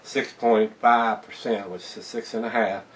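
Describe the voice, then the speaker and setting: A man's voice: lowish voice, steady tone, a little slow, recorded from a distance, a little hiss or hum. A man giving a casual, folksy beer review to camera, chatting to viewers as guys. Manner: folksy, laid-back, keeps calling viewers "guys".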